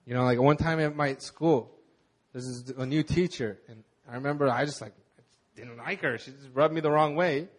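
A young adult man, a pastor, giving a conversational sermon and telling candid personal stories in a halting way. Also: mid-range voice.

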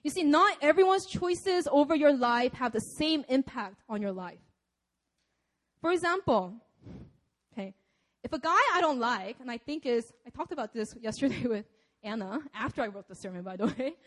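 A woman's voice: high voice, animated, normal speed. A young woman preaching a sermon in a casual, conversational way, laughing often.

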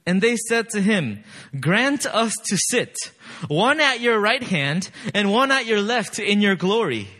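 Lively conversational male preacher. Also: sits high, a little slow. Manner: conversational preaching, reads scripture aloud with rising emphasis; frequent "you know" fillers. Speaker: pastor. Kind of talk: sermon.

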